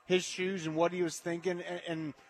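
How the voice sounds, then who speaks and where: Radio co-host guy, kinda high voice, easygoing and thoughtful. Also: flat delivery, normal speed. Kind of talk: casual radio chat.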